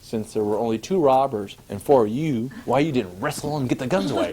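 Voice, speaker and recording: A man telling a personal travel story to an audience, animated and acting out scenes, laughing at his own tale. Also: mid-range voice, brisk, few pauses, breathy edge.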